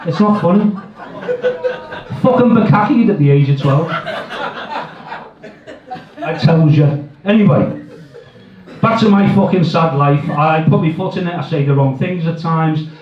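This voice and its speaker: Taking his time and pausing often, a middle-aged comedian with a high-leaning voice performs crude, heavily profane stand-up aimed at himself. The live audio is echoey, distant, and dull.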